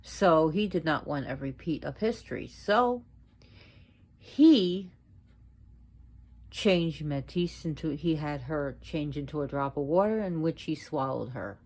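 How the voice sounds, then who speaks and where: Slow, low-voiced woman presenter. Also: animated, a little mellow. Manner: slow, deliberate, repeats pronunciations for emphasis. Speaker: video presenter on mythology and witchcraft. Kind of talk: casual educational talk to viewers. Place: at home.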